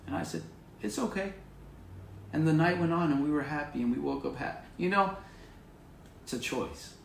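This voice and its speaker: A man's voice: fairly high pitch, very animated, fairly quick, vocal fry, echoey room, a little hiss or hum. A man preaching an informal devotional sermon to viewers on camera, earnest and encouraging, repeating his phrases. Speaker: pastor.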